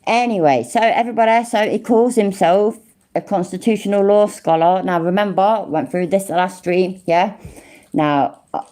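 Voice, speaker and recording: A woman's voice: medium pitch, moderate pace, warm tone. A woman with an English Midlands accent, doing rambling, sarcastic, sweary livestream commentary. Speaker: streamer.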